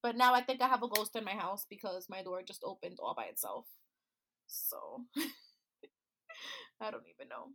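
Bright, animated woman podcast co-host. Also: mid-range voice, a little slow, pauses often. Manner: animated storyteller who laughs often. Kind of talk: casual chat.

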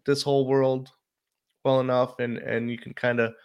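Male guest panelist, smooth even delivery, hesitant and easygoing. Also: medium pitch, moderate pace. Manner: easygoing, hesitant, full of ums. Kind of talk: casual livestream panel talk.

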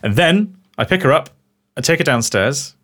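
A man's voice: a little high, normal speed. A young man from England co-hosting a casual podcast chat, laughing often and joking. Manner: animated, laughs often, jokey. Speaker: podcast co-host.

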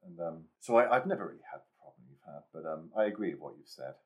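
Deep-voiced English man, joking co-host. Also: animated, quick pace. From England. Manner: jokey, punning, emphatic. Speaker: podcast co-host. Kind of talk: casual podcast chat.

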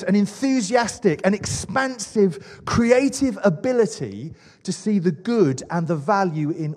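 A man's voice: sits high, a little mellow, big-room sound. A man preaching a sermon with enthusiasm, asking the congregation questions. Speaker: pastor.

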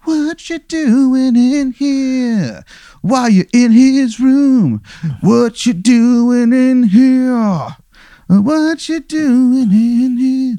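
A shrill creepy doctor. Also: male voice, drawn-out words, mellow, no room sound, full character voice. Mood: suspicious. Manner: repetitive, shrill and drawn out. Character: odd male doctor in a wheelchair, menacing.

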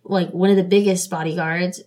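A woman co-hosting a podcast, retelling drama scenes in an animated casual chat, laughing often and acting out lines. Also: lowish voice, fairly quick. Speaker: podcast co-host.

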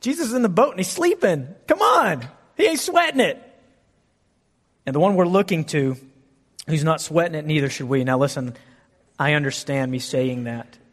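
Animated preacher in an echoing hall. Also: male voice, on the high side, moderate pace. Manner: animated, conversational preaching with rhetorical questions. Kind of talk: sermon.

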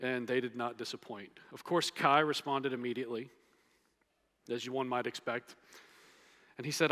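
A pastor, a man, preaching in a relaxed, joking way that turns earnest, repeating his key points for emphasis. His voice has an ordinary middle pitch. It rings out with the long reverb of a large church hall. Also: moderate pace, pauses often. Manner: playful, conversational preaching with emphatic repetition. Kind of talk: sermon. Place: church sanctuary.

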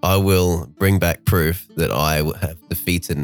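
A man's voice: deep voice, fairly even intonation, a little slow, soft background music. A man playing a tabletop game, talking casually and hesitantly. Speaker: player.

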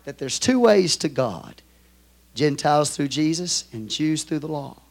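A man with a Texan accent preaching a sermon as pastor, moving from quiet storytelling to loud, shouted exhortation. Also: on the high side, lively intonation, a little slow, creaky.

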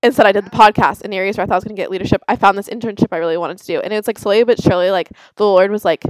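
A woman's voice: mid-range voice, fairly even intonation, rapid-fire, a little mellow, dry recording, low-quality recording. Chatty young woman, dry sound. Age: young adult. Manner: chatty, lots of "like" fillers. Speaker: podcast host. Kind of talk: casual chat.

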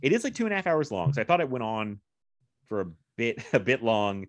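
A man's voice: mid-range voice, big pitch swings, a little fast. A man in casual chat about films, rambling with frequent laughs and the odd swear word.

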